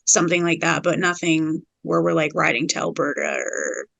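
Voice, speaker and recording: Young woman, podcast guest, laid-back, candid, bright voice, dry sound. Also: sits low, flat delivery, moderate pace, vocal fry, dry recording, low-quality recording. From Canada. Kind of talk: casual interview chat.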